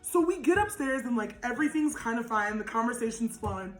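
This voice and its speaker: A young woman with a naturally loud voice telling a storytime vlog, animated and laughing, with lots of "like". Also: on the high side, fairly quick, reverberant, faint music behind, poor audio. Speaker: vlogger.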